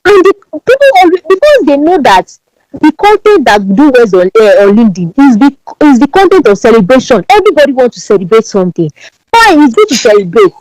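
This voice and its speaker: A woman from Ibadan with a Nigerian Yoruba accent, speaking as a guest on a podcast in an emphatic, animated way and often repeating words. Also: high-pitched, a little fast, dry recording, poor audio. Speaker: podcast guest, branding strategist. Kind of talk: podcast interview.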